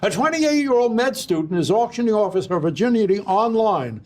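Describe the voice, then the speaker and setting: Deadpan man reading jokes aloud. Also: high voice, brisk, a little hiss or hum. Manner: deadpan reading, incredulous asides.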